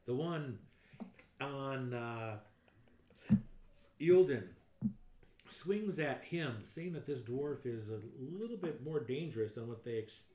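A man running a tabletop game as game master, narrating lively and acting out sound effects. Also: mid-range voice, slow pace, long pauses. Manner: animated, acts out sound effects and blurts out enemy lines. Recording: roomy echo, faint noise.

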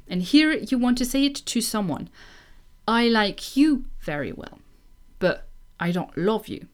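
A woman teaching phrases in a language lesson, slowly modelling each one for learners to repeat, with chatty asides. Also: a little high, expressive. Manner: slow, patient, models phrases for repetition. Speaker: French teacher.

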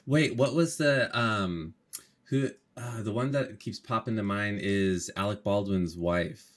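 A man's voice: fairly low pitch, unhurried. Joking man co-hosting a podcast. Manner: joking, playful asides. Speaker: podcast co-host. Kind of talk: casual chat.

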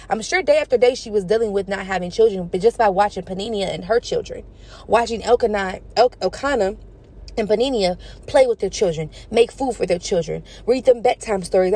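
A woman hosting a Bible study podcast, preaching in a casual, slangy and animated way. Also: mid-range voice.

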